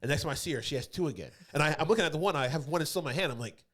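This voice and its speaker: A man's voice: a little high, expressive, racing, fairly bright tone. A man co-hosting a comedy podcast, telling a rambling story with frequent laughs and restarts. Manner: rambling, laughs often, acts out others' voices. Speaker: podcast co-host. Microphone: podcast studio mic.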